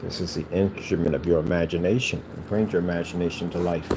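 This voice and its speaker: A man's voice: low-pitched, fairly even intonation, quick pace, background noise. A man chatting casually while he crafts, rambling and joking playfully. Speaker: cardboard PC case builder.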